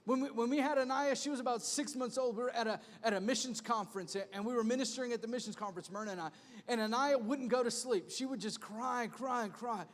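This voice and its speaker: A man in his thirties preaching a sermon as pastor, conversational and animated, with a repeated refrain. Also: extremely high pitch, fast talker. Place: large church hall. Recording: long hall reverb.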